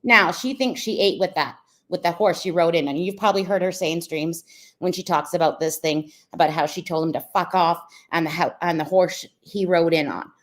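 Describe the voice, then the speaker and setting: A woman's voice: fairly low pitch, a little fast. A woman hosting casual reaction commentary, chatty and explaining, with many fillers. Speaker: commentary host.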